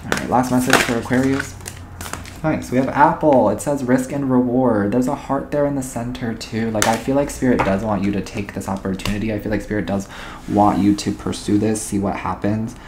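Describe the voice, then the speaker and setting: A man's voice: lowish voice, steady tone, brisk, noisy background. A man doing a tarot reading to camera, rambling and intuitive, often checking in with "okay?" and "all right?". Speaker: tarot reader.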